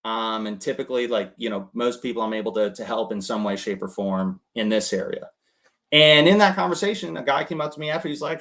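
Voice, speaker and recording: A man's voice: medium pitch, brisk, a bit bright. A young man giving casual coaching talk as host, rambling with many fillers and acted-out quotes. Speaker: host coaching cold callers.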